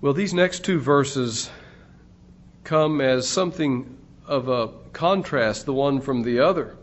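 A man preaching a sermon in a slow, deliberate way, his voice swelling louder on key phrases. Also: mid-range voice. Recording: dull lo-fi recording.

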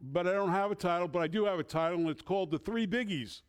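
A man with a northern accent preaching a sermon as a substitute pastor in a church, earnest and measured, with the odd filler. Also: high-pitched, smooth.

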